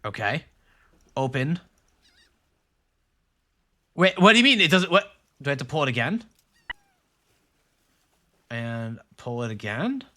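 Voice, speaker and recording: A man's voice: medium pitch, sing-song, a little slow, long pauses, bright, forceful tone. A man streaming a point-and-click adventure game live, chatting casually with playful, teasing, rambling asides. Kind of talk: casual live let's-play commentary.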